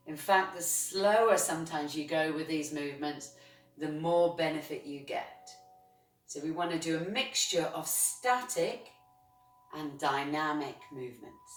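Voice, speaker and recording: Gentle encouraging woman yoga teacher, roomy. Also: deep voice, a little slow, soft background music. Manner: gentle, encouraging, frequent praise. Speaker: chair yoga instructor. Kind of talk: guided movement class. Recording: roomy sound from a distance.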